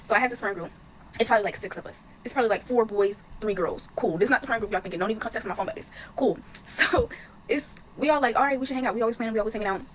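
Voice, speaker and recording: A woman's voice: medium pitch, rapid-fire, a little hiss or hum, rough recording. A young woman telling a story in a slangy, chatty, swaggering way. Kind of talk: casual story time.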